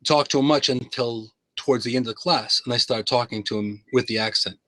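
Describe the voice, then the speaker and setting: A man's voice: mid-range voice, brisk, bright, forceful tone, no echo. A man hosting a casual live-stream chat, talking in a put-on British accent and telling silly stories. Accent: fake British accent. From United States. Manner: playful storyteller, slips into put-on voices. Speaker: host.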